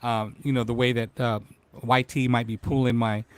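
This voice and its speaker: A man's voice: mid-range voice, flat delivery, moderate pace, smooth, no room sound. Upbeat male livestream host, dry sound. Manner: upbeat, greets viewers by name. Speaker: talk show host. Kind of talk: casual livestream chat.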